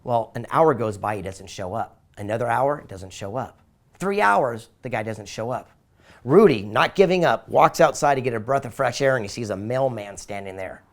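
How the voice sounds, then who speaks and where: Enthusiastic storytelling man, mid-pitched. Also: animated, normal speed. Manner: enthusiastic, acts out voices in anecdotes. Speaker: interview guest, author and speaker. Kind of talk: animated storytelling in an interview.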